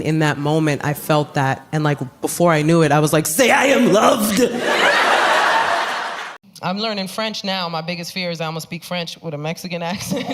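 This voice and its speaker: A woman in her thirties doing stand-up comedy, telling stories in a brash, punchy, animated way on a club stage. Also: lowish voice. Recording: live club with noisy audience.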